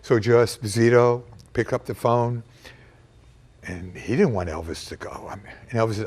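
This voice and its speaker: An older man telling a personal memory in a reflective, emotional way, dropping to a hush at times. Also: medium pitch, moderate pace. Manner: reflective and emotional, with quiet hushed passages. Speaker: storyteller recounting a personal memory. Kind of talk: personal storytelling to camera.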